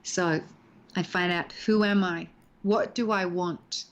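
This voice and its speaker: Her voice sits on the low side, slow and steady in tone. She's an actress in her sixties, interviewed as a guest by video call from home, talking expressively and animatedly about acting while acting out lines.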